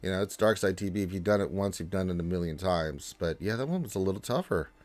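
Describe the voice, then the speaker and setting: A man hosting a casual gaming live stream, reading viewer chat in a loose, chatty way with restarts and sudden lifts in pitch. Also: expressive, fast talker, a little mellow.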